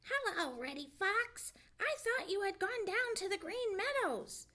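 A cheeky male blue jay from a bedtime storybook, as a woman reader puts him on, chirping his teasing lines in a high, lively voice. He sounds sly and falsely surprised. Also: unhurried, exaggerated voice. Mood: mock surprise.

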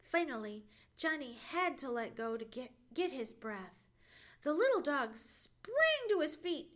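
A woman librarian reading a bedtime story aloud with expressive storytelling. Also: high voice, unhurried, loud music behind the voice. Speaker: children's librarian.

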